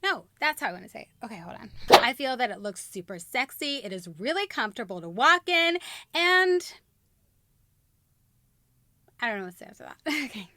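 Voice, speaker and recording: A woman vlogger with a high, bright voice, recorded dry and close on a camera mic. She launches each take in a perky intro voice, then drops to soft muttering to herself when she stumbles and starts over. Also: very animated, moderate pace, long pauses, dry recording. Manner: upbeat on intros, then mutters softly to herself between retakes. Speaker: beauty and fashion vlogger. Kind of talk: casual on-camera vlog with retakes.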